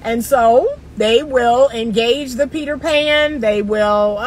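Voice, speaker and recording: A woman's voice: on the high side, slow, few pauses, slight background noise, poor audio. A woman relationship coach talking straight to her viewers in a casual, emphatic way, laughing often, recorded in a car. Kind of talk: casual advice monologue.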